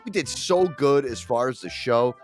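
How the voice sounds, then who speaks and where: A man hosting a podcast, talking in loud, excitable, profane casual banter. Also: mid-range voice, normal speed, faint music behind. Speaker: podcast host.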